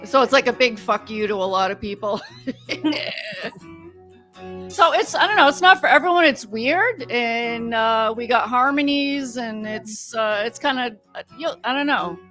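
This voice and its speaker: A woman's voice: on the high side, animated, normal speed, pushed and bright, soft background music. A woman who is a musician guest on a talk show, chatting loosely and hesitantly with plenty of fillers. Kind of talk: casual interview chat.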